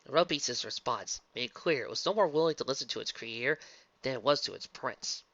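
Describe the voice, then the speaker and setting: A man reading a fanfic story aloud as narrator, in a quick, lively manner. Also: medium pitch. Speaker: fanfic reader. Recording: dull lo-fi recording, dry.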